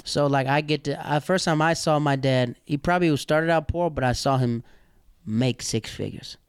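A young man from the American South telling animated, slangy stories in casual chat, acting out the people he quotes. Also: a little high, moderate pace, smooth, no room sound, studio quality.

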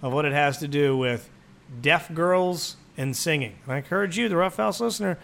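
A man's voice: fairly high pitch, fairly quick, vocal fry, fairly bright tone. A man co-hosting a podcast, riffing crude jokes and mock announcements with plenty of swearing. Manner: joking, profane, mock-announcer riffs. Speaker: podcast co-host. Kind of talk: crude comedic banter.

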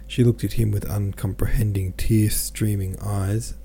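A man reading a classic novel aloud as an audiobook narrator, in a measured, even storytelling manner. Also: lowish voice, gravelly, slight background noise. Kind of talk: scripted literary narration.

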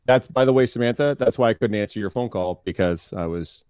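Middle-aged man, podcast co-host, low voice, dry close sound, animated storyteller. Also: brisk, clear, resonant tone, no room sound. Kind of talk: casual podcast chat.

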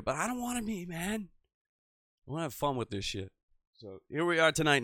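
A man hosting a call-in show, rambling and swearing, swinging from mutters to loud outbursts. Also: medium pitch, clean tone, no echo, studio quality. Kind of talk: profane casual call-in show.

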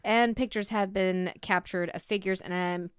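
A woman's voice: mid-range voice, steady tone, normal speed, clean tone, no room sound, studio quality. A young woman hosting a podcast, reading ghost stories in a chatty, giggly way with lots of fillers. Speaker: podcast host.

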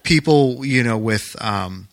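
A man's voice: mid-range voice, lively intonation, takes it slowly, dry recording. A man hosting a casual talk about faith, earnest and searching, with frequent fillers.

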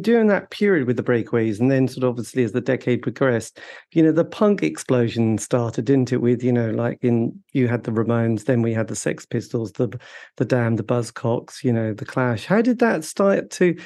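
A man conducts a music interview. His voice is mellow and rises and falls freely. His questions ramble and circle before they land. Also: mid-range voice.

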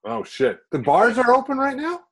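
A man's voice: very high-pitched, huge pitch swings, moderate pace. A man hosting a casual podcast, asking guests questions with easygoing banter. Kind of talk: casual chat.

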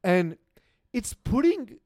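A man with a high, lively voice that swoops up and down as he argues over games and players. He talks in loose sports banter, stumbling and restarting mid-thought, and the sound is close and dry with no room around it. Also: slow pace, no echo. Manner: animated, argumentative, frequent restarts. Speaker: sports talk show co-host.

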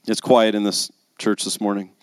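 A man's voice: fairly low pitch, level tone, normal speed, smooth, no echo. A man preaching a sermon as pastor, building to emphatic, intense passages. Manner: rising to emphatic intensity on key lines.

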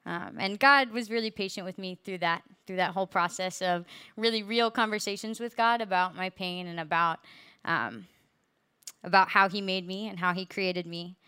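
A woman's voice: mid-range voice, moderate pace, bright, forceful tone, smooth, no echo, clean studio sound. A young woman earnestly sharing her personal faith testimony with a group, with many fillers. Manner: earnest, many fillers, laughs through hard parts.

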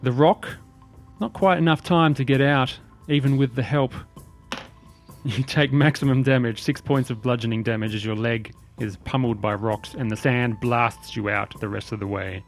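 Guy game master narrating scenes, steady, laughs a bit at the players. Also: medium pitch, normal speed, faint music behind.

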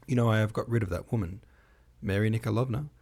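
A man reading a gaunt, ailing brother, low and mellow. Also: quick pace, slightly rough. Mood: cheerful. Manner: plain reading voice, little change.

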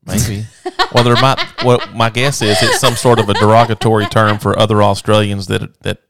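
A man's voice: on the low side, flat delivery, normal speed, vocal fry, crowd noise. A man from Arkansas co-hosting a podcast, trading dry, wry quips in casual banter. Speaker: podcast co-host.

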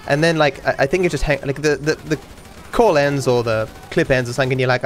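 A podcast host and streamer tells a story loosely and ramblingly, restarting often and swearing casually. His voice sits on the high side and moves briskly.

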